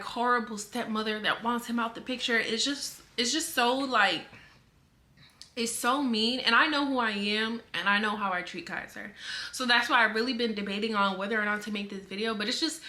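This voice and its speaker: A woman's voice: a little high, sharp tone. A young woman vlogger talking casually to camera, defending herself in a rambling way with lots of filler words.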